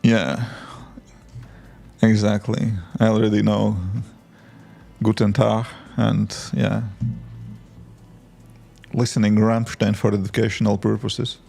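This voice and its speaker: A man with a low, gravelly voice, chatting loosely on a coding live stream. He thinks out loud and answers viewers between tasks. Soft music plays faintly behind him. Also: little pitch movement, slow pace, pauses often. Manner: thinks aloud, talks to chat and to his tools. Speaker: app developer streaming his work. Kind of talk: casual live-stream chat while coding.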